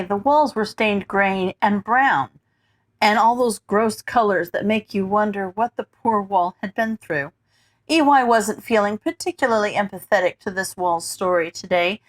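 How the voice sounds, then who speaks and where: A woman narrating a story in a steady, unhurried read with a mid-range voice. Her delivery is measured, with an occasional slip of the tongue. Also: mid-range voice. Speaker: audiobook reader. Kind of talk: scripted narration.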